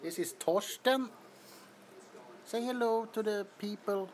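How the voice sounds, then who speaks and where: Showing off kittens on a casual apartment livestream, a man with a Swedish accent laughs often, sounding giggly and amused. He speaks slowly in a high voice.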